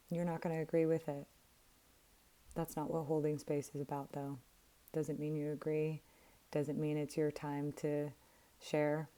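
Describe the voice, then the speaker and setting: A woman's voice: low-pitched, mellow. A middle-aged woman talking candidly and emphatically as a coach, now and then swearing for emphasis. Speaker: life coach. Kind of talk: casual direct-to-camera talk.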